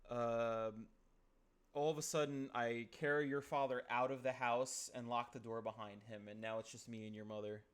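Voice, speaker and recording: A man's voice: mid-range voice, steady tone, normal speed, smooth. A man streaming from home, improvising a comedic role-play scene in a casual, playful, profane way.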